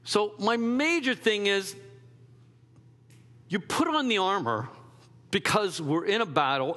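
Animated preaching man in a big hall. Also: a little high. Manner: animated, conversational preaching with acted asides. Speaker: pastor. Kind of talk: sermon.

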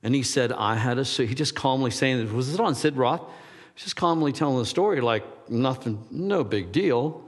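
A pastor in his sixties delivers a loose, conversational sermon, wandering off track and joking at his own expense. His voice sits at an ordinary pitch for a man. The sound rings on in a long hall reverb. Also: lively intonation, moderate pace, husky. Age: 60s. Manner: rambling, self-deprecating, laughs at himself.

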